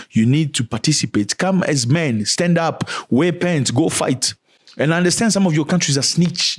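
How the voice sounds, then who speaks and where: A man hosting an opinion vlog, talking in an emphatic, preachy way and jumping his voice up to stress his points. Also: medium pitch. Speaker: host.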